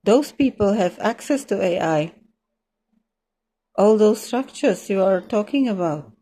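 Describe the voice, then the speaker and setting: A woman's voice: medium pitch, animated, a little slow, dark tone. A woman with a Czech accent, a non-native English speaker, chatting thoughtfully and searching for words. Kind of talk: casual chat.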